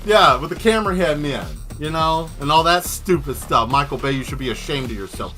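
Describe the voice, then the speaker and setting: Bright-voiced man ranting on a stream. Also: fairly high pitch, animated, moderate pace, hardly any pauses, faint music behind. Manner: joking, rambling, breaks into laughter. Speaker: livestreaming artist. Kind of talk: casual livestream rant.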